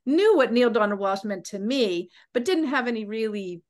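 A woman who coaches and hosts a podcast tells a personal story with real animation, acting out the voices of the people involved. Her pitch is fairly high and her pace moderate.

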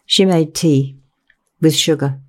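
A woman narrating her own novel in a measured, unhurried reading. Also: sits low. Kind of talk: audiobook narration.

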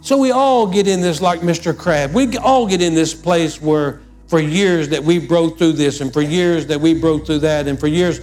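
A man preaching a sermon as pastor, emphatic and urging, building to loud exhortations. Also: fairly high pitch, moderate pace, hardly any pauses, soft background music.

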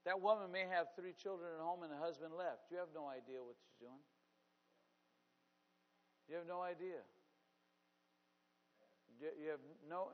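Pastor preaching in a reverberant hall. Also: male voice, medium pitch. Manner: storytelling with many restarts, swells from hushed to loud. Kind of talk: sermon. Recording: dull sound with long hall reverb.

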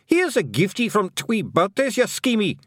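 A man voicing a tiny brash male fairy warrior with a Scottish accent, shrill and mocking as he fakes bird calls. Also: sing-song, unhurried, fairly bright tone, no echo, studio quality, heavily acted. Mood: brawling taunts.

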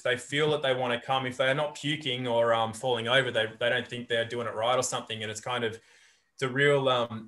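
On a podcast, a male guest who works as a coach speaks conversationally at a middle pitch. He comes across as relaxed and reflective, frequently telling anecdotes.

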